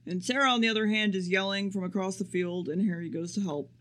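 A man's voice: high voice, fairly even intonation, quick pace, fairly bright tone. A man co-hosting a podcast, casually recapping an episode in a rambling, profane way. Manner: rambling and profane, acts out quotes. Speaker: podcast co-host.

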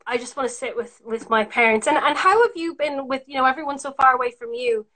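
A woman from Ireland, an actor guesting on a podcast, animated and self-deprecating as she chats. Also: high voice, fast. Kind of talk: casual conversational interview.

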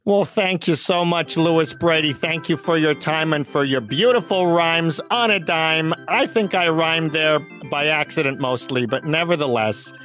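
A man hosting a comedy show in a goofy, excitable, jittery manner. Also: fairly high pitch, measured pace, hardly any pauses, soft background music. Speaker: comedy podcast host.

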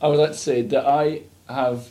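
A man's voice: mid-range voice, steady tone, moderate pace, background noise. A man co-hosting a podcast, agreeable and chuckling, chiming in with short replies. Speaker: podcast co-host. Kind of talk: casual chat.

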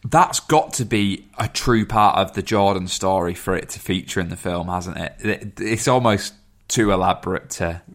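A man's voice: low voice, moderate pace, few pauses. A man in a casual film chat, recapping the plot thoughtfully with many fillers.

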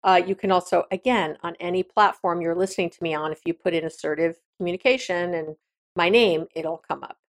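A woman with a lowish voice hosts an advice podcast, speaking fairly quickly. Her casual monologue is frank and direct, with frequent restarts.

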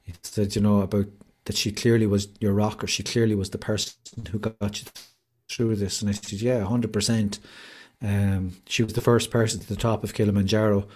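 A man's voice: fairly low pitch, little pitch movement, fairly quick, darkish tone. An Irish man, a podcast guest, telling his story openly and earnestly over a video call, with lots of "like" and "you know". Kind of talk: candid conversational interview.

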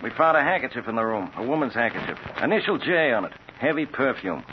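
An actor playing a skeptical police captain in a 1940s radio drama, dry, wry and businesslike. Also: male voice, mid-range voice, sing-song, fast talker, close to an everyday voice. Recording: old radio broadcast, dull with faint hiss.

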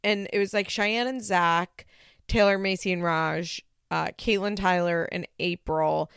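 A woman's voice: lowish voice, fairly bright tone, clean tone, no room sound, studio quality. A young woman hosting a solo podcast, talking casually and animatedly, full of "like" and incredulous asides. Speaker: podcast host. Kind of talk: solo podcast monologue recapping a reality show.

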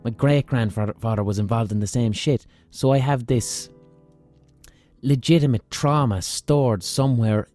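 A man's voice: medium pitch, a little slow, warm tone, faint music behind. An Irish man hosting a podcast, telling a rambling, profane, self-mocking story in a casual monologue. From Ireland. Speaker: podcast host.

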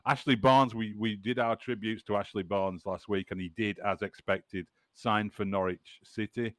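A man's voice: fairly low pitch, fairly even intonation, normal speed, fairly bright tone, dry recording, studio quality. A man from the Burnley area with a northern English accent, hosting a casual football podcast and chatting with frequent restarts. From Burnley area, northern England. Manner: chatty, restarts words often. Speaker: podcast host.

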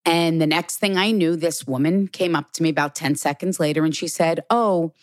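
Middle-aged woman medium chatting on a podcast, tells stories, lowish voice, dry sound. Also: normal speed, no echo. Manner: storytelling, relays messages from the dead. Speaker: guest, medium. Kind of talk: casual podcast conversation.

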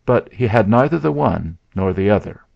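Gravelly male storyteller. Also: on the low side, lively intonation. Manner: measured storytelling. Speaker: story narrator. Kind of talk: scripted narration. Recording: dull lo-fi sound.

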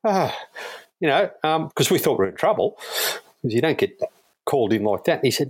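Aussie bloke yarning about his old job, easygoing, chuckles a lot, mid-pitched voice. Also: animated, normal speed, pauses often, slightly rough. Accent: Australian. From Australia. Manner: anecdotal, chuckling, acts out quoted voices. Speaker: guest, police airwing crewman. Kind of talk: casual storytelling.

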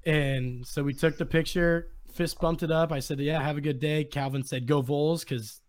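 A young man hosting a podcast, excitedly retelling a story in casual chat. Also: fairly high pitch, moderate pace. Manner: excited, animated retelling with quoted voices. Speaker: podcast host.

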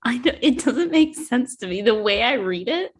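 A woman's voice: a little high, lively intonation, moderate pace, breathy edge. A woman co-hosting a book podcast, talking casually and unhurriedly with plenty of fillers. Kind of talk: casual chat.

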